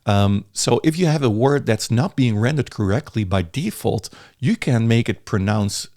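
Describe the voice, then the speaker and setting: A man giving a relaxed, chatty software tutorial, sometimes restarting his words. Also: medium pitch, normal speed, no echo, clean studio sound. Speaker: software reviewer. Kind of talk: casual screen-recorded tutorial.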